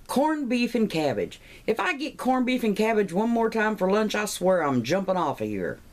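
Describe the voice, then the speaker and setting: A woman voicing a fed-up male worker who whines slowly. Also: mid-range voice, very animated, voice pushed up, natural voice.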